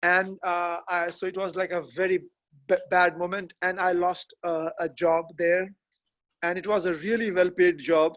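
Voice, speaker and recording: A young man with an Indian accent, a comedian guest chatting casually and animatedly, with halting restarts and laughter. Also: high voice, little pitch movement, a bit bright, muffled recording. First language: not English. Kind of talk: casual interview chat.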